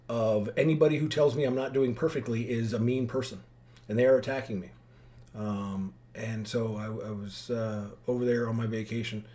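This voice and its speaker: Man, vlogging dad, heartfelt rambling monologue to his girls, lively pitch. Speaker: father addressing his daughters. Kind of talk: emotional vlog monologue.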